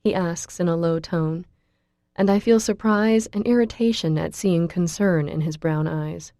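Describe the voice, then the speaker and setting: A woman reading a first-person audiobook in a steady, plain storytelling manner. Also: fairly low pitch, normal speed, no echo, clean studio sound. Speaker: audiobook narrator.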